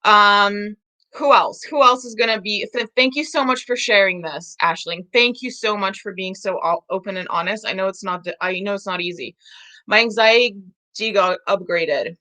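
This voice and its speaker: A woman's voice: medium pitch, bright, forceful tone. A young woman coach on a live stream, speaking frankly and emotionally, swearing often, reading out viewer comments and answering them. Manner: frank, emotional, heavy swearing and quick laughs.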